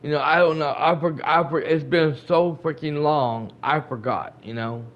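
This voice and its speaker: A man with a fairly high voice recaps a game for his channel in a loose, chatty way. He circles back over his points and repeats himself as he acts out bits of dialogue. He speaks directly to his viewers throughout. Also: fairly even intonation, moderate pace, dull audio. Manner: rambling and repetitive, retelling scenes with quoted dialogue. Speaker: gaming channel host.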